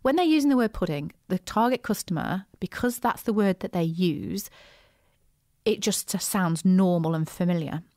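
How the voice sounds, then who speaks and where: A woman hosting a business podcast, chatty and animated, with frequent asides and restarts. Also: fairly low pitch, normal speed, no room sound, clean studio sound. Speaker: podcast host, business coach. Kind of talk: casual solo podcast talk.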